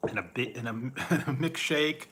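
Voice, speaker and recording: A man hosting a casual live stream, chatting with viewers in a relaxed, rambling way while eating and drinking. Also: mid-range voice, moderate pace, slight background noise. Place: home.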